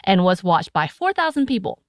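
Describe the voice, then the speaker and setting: Lively woman podcast host. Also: mid-range voice, fairly quick, dry recording, clean studio sound. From United States. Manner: animated, laughing, playful asides. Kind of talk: casual podcast chat.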